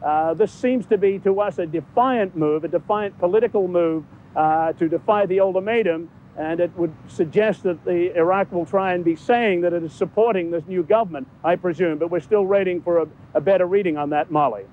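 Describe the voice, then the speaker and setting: A male war correspondent giving a live field report from a hotel garden outdoors, speaking in a measured, halting way with many fillers. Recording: phone-like line with background rumble.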